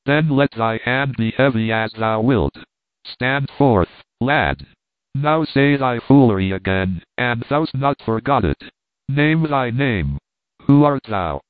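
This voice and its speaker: A man voicing a gruff, brutal pauper father, harsh and commanding, with a tinny phone-like sound. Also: mid-range voice, lively intonation, slow pace, dry recording. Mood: menacing.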